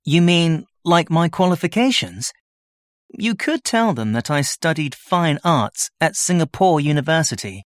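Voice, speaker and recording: A man's voice: a little high, sing-song, measured pace, dry recording, clean studio sound. A man as a workshop tutor in a scripted listening-test dialogue, explaining his plans plainly. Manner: explains plans plainly, answers questions readily.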